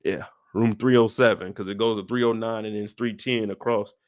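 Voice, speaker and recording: A man hosting a live after-show, telling a story in an animated, profane way with sound effects. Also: lowish voice, brisk, dry recording. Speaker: show host.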